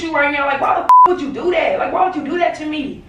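Young woman yelling and fussing, high pitched, echoey room, kinda far from the phone. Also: expressive, fast. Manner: angry, repetitive, cursing, slangy. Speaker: vlogger being pranked. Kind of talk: casual heated argument. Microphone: phone camera. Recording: roomy, distant phone recording with some noise.

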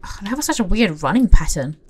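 A young woman giving casual, excitable commentary as she plays a horse game, talking to herself and the horses with gasps and squeals. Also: medium pitch, fast, breathy edge. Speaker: gaming channel host.

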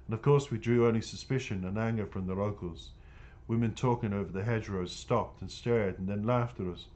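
A man's voice: on the low side, fairly quick, a little mellow. A man reading a novel aloud as a first-person narrator, in an earnest, plain storytelling manner. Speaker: audiobook narrator.

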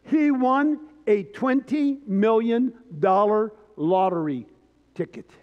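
High-voiced older pastor telling folksy stories. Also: male voice, slow pace. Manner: folksy storytelling, frequent hesitations. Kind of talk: sermon. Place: church sanctuary. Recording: dull church recording with long reverb.

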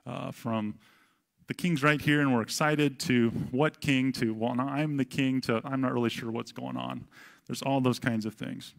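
Middle-aged man, pastor, casual chatty sermon, gravelly voice, mid pitch. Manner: conversational, with fillers and quoted voices.

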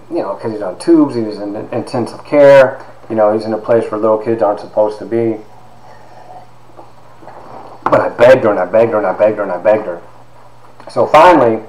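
Man in his 50s from Ohio, lowish voice, animated storyteller who acts out dialogue; echoey room, faint background hiss. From Ohio, USA. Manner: animated retelling with lots of quoted dialogue and fillers. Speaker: podcast host and author. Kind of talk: personal storytelling.

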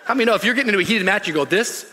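A male pastor preaching a sermon, telling a story in an animated, humorous way. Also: sits high, very fast, big-room sound, slight background noise. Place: church stage.

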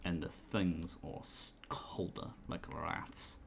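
A man voicing a gloomy male greeter in a mock Russian accent, speaking slowly, low and hushed. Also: fairly even intonation, vocal fry, noisy background, exaggerated voice.

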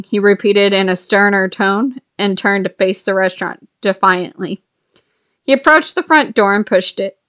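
A woman casually reading a novel aloud, stumbling and correcting herself now and then, with a lift in pitch for quoted lines. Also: a bit bright. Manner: unpolished reading with restarts and self-corrections. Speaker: reader of a novel. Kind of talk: casual read-aloud storytelling.

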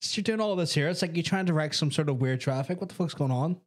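A man's voice: a little high, fast. A Northern Irish man chatting casually over a video game, wry, laughing often and swearing freely. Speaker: game commentator. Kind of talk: casual gaming chat.

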